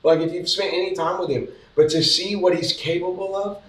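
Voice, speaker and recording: A man's voice: high voice, steady tone, brisk. A man talking casually as a parent in a group discussion, telling stories in a chatty way. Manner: storytelling, chatty, frequent "you know what I mean". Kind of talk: casual chat. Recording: echoey room, mic at a distance.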